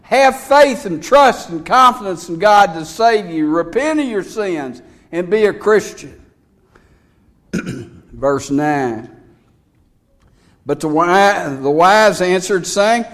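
Slow, high-voiced folksy preacher man. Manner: folksy, emphatic preaching with scripture readings. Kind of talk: sermon.

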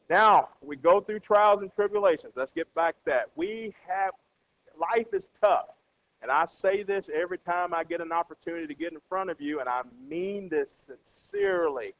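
Preacher, male, high-pitched, chatty delivery with acted-out voices; muffled lo-fi recording. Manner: conversational, keeps asking the congregation "right?"; acts out everyday characters with a changed voice. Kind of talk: sermon. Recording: dull lo-fi sound.

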